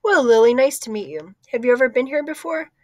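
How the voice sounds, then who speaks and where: A woman's voice: high voice, expressive, brisk, a little mellow, no echo, pitched above the performer's own voice. Bubbly teen girl, read by a woman; chatty, upbeat, dry audiobook read. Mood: cheerful. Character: cheerful teenage girl library helper, quick to laugh. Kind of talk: audiobook character voice.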